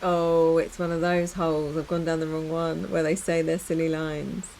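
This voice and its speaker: Chatty woman with a gravelly low voice. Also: little pitch movement, moderate pace, a little mellow. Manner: chatty, giggly, rambling asides. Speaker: streamer. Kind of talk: casual let's-play commentary.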